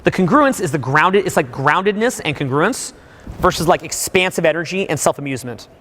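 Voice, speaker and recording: A man coaching a live seminar audience, animated, suddenly bursting into loud acted-out examples. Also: a little high, fairly quick. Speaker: dating coach. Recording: long hall reverb.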